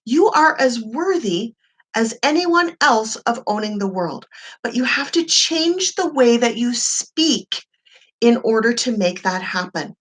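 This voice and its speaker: A woman life coach talking to camera in a slightly husky, fairly high voice. Her pitch rises and falls a lot as she makes her points. She speaks slowly and emphatically, repeating herself and asking the listener questions. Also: very animated. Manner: emphatic, repetitive and encouraging, with rhetorical questions. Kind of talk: motivational talk to camera.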